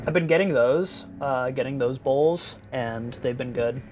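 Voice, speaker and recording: A man's voice: mid-range voice, a little slow, over music. A tired young man streaming live, chatting casually with viewers in a rambling, giggly way and playfully repeating words.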